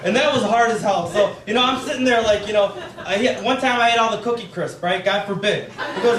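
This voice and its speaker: A young man works through a stand-up set in a loose, rambling way, filling gaps with fillers. His voice sits very high for a man. He sounds distant in an echoey room, and loud background noise runs under him. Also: a little fast, hardly any pauses. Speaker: stand-up comedian.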